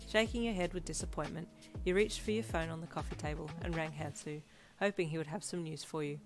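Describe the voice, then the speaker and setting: A woman reading aloud a fanfiction story in a calm, even storybook narration. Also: sits low, brisk, few pauses, soft background music. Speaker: fanfiction reader.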